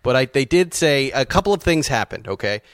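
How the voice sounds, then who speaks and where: A man's voice: medium pitch, expressive, a little fast, no room sound, clean studio sound. A man hosting a car talk show, telling long rambling stories with frequent chuckles. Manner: rambling storyteller, chuckles often. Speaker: podcast host. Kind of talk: casual chat.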